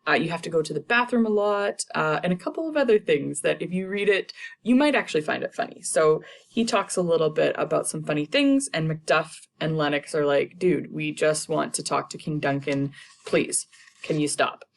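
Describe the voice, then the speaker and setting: A woman's voice: low voice, moderate pace, gravelly. A young woman teacher casually summarizing a play for students, paraphrasing the characters in modern slang.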